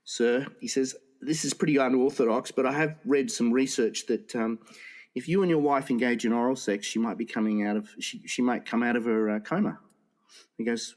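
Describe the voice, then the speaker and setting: A man's voice: mid-range voice, moderate pace. A man co-hosting a casual comedy podcast. He rambles through jokes and laughs at his own punchlines. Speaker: podcast co-host.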